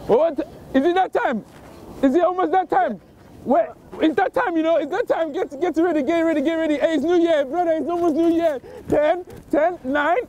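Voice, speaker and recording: A young man with a London accent, hosting a street prank video, loud and pushy with slang-heavy party hype, recorded outdoors on a city street. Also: extremely high pitch, normal speed. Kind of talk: hyped street prank banter. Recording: dull lo-fi street recording, faint traffic.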